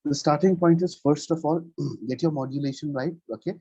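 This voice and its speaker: A man tutoring pronunciation one-on-one, patiently checking that his student follows. His voice is dark and slightly husky, with a higher pitch than most men. The recording is dry and a little dull. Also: brisk, dry recording. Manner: patient, checks in often with "right?". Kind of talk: one-on-one lesson. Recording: dull lo-fi sound.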